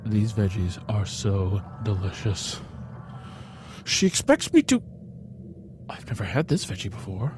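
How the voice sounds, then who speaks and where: A man's voice: on the low side, big pitch swings, a little slow, a little mellow, a little hiss or hum. A man reading a story aloud in the first person, theatrically, with sudden whispered asides. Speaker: storybook reader.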